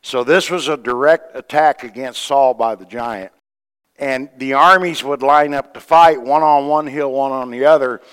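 A man preaches in a folksy, storytelling way, slipping into the voices of the people in his tale. His voice is smooth and resonant at a middle pitch. It rings out with a long reverb, as in a church hall. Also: moderate pace, a bit bright. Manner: folksy, retells scripture with quoted voices and asides. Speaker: pastor. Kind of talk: sermon storytelling.

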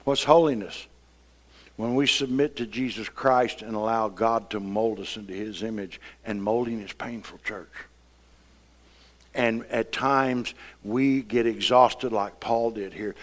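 A man preaching a sermon, swinging between quiet, conversational passages and loud, impassioned outbursts. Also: medium pitch, steady tone, measured pace. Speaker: pastor.

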